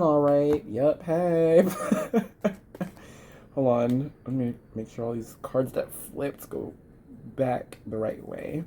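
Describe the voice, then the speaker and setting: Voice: mid-range voice, fairly even intonation, slow pace, mellow, slight background noise. Tarot reader from Dallas, Texas: chatty, encouraging reading, loose and rambling.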